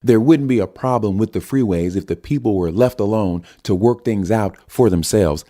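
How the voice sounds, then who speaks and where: A man's voice: lowish voice, normal speed, dark tone, voice pushed up, close to an everyday voice. A man voicing a folksy, blustering male senator.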